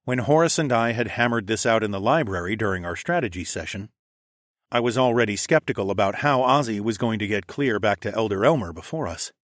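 A man's voice: on the low side, lively intonation, a little fast, a bit bright, dry recording, studio quality. A man narrating a first-person fantasy audiobook in a wry, sardonic tone with casual swearing.

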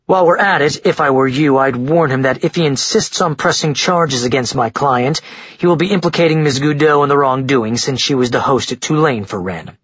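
A man's voice: mid-range voice, a bit bright, slightly rough, dry recording, dull audio. A man voicing a cocky, relentless male lawyer who reels off charges smugly. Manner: smug, brisk and raised.

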